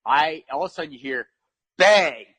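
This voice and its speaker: A man's voice: on the high side, lively intonation, moderate pace, fairly bright tone, slightly rough, dry recording. A man from New York, a podcast guest, telling a casual story with lots of repetition for emphasis and laughing at his own mishaps.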